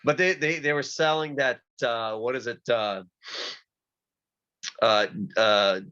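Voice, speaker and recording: A man telling rambling stories in casual chat, halting and full of fillers as he talks about pipefitting union work. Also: medium pitch, fairly even intonation, sharp tone, clear, resonant tone. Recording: slightly dull lo-fi sound.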